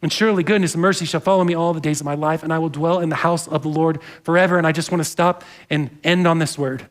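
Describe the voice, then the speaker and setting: A man's voice: a little high, fairly even intonation, fast talker. A man preaching a sermon in a church, earnest and conversational, with asides to the congregation. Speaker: pastor. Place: church sanctuary.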